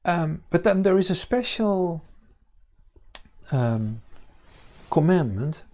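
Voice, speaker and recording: Slow, halting man teaching scripture. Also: on the high side, big pitch swings, a little mellow. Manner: halting, many fillers and restarts. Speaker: congregation teacher. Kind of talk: bible teaching.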